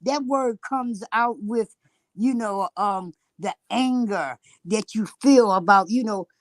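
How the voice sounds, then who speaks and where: A woman's voice: medium pitch, slow pace. This is an older woman speaking on a video call. She talks in an earthy, plainspoken way and laughs easily. Her voice sits mid-range and sounds dry and close, with no room echo. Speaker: activist guest. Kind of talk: casual call remarks.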